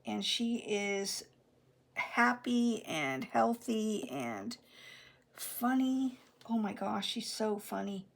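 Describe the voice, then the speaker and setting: Chatty woman rambling softly. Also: medium pitch, expressive, drawn-out words, creaky. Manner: rambling, chatty, with frequent restarts and soft whispered asides. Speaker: crafting vlogger. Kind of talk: casual chat while crafting.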